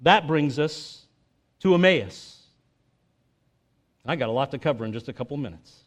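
A man's voice: medium pitch, expressive, normal speed. A male preacher giving a sermon in a casual, conversational way, with jokes and filler words.

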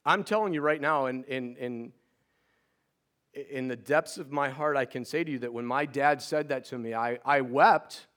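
A middle-aged man preaching a sermon as pastor, earnest and pleading, often restarting words in quick repeats. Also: medium pitch, fairly bright tone.

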